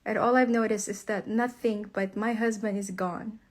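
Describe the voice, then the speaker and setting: A woman with a mid-range voice speaks at normal speed with fairly even intonation, yet she is very angry as she rants to camera about her husband. As a wife speaking out online, she's heated, profane and emphatic, addressing viewers as "guys."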